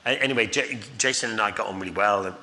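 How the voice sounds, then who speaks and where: A man's voice: fairly low pitch, fast talker, bright, forceful tone. A middle-aged man telling rambling, chuckling anecdotes on stage as a guest, with many fillers. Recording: reverberant hall, faint noise.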